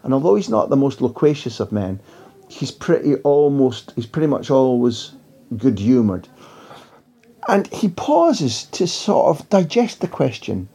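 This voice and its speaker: A man's voice: medium pitch, sing-song, a little slow, warm tone, slightly rough. A man telling anecdotes as a guest in a casual interview, in a rambling, wry way.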